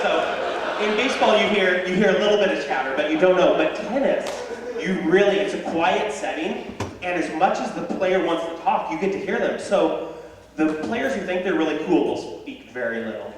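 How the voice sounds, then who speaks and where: A young man performs stand-up comedy with a slightly high voice, telling animated stories and jumping into yelled high character lines. He sounds distant from the mic in a big echoey hall, with a clear audience murmur behind him. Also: normal speed, a crowd in the background. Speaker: stand-up comedian and high school tennis coach. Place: high school auditorium with live audience.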